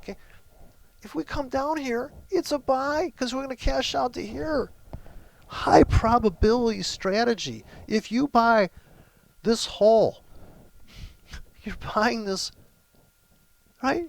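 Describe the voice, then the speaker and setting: A man with a very high voice, vocal fry, a slow pace and long pauses hosts a trading video. He mocks, swears and rants brashly while screen-sharing his charts.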